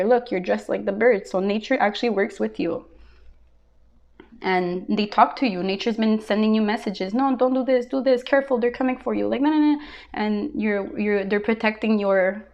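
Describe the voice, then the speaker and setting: A woman's voice: mid-range voice, darkish tone. A woman giving a casual tarot reading, blunt and emphatic, who swears freely. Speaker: tarot reader.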